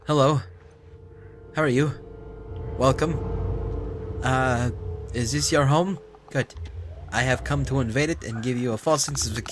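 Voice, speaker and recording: A man commentating a game he plays, drawing his words out slowly and swinging his pitch a lot. He taunts enemies with mock politeness and goes from hushed whispers to loud yells. Game noise sits clearly under his voice. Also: expressive. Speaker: gaming commentator. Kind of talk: let's play commentary.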